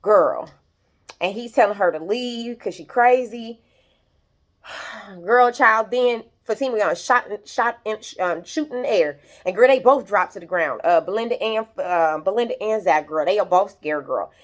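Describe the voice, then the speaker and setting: A woman's voice: medium pitch, measured pace. A young woman recapping a TV episode in casual, gossipy chat, talking straight to her viewers and acting out the characters' lines. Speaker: YouTube show recapper. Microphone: compact camera.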